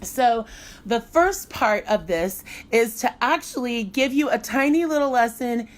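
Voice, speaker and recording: A woman's voice: on the high side, expressive, a little slow. A middle-aged woman music teacher giving a casual live online lesson, chatty and playful and often laughing.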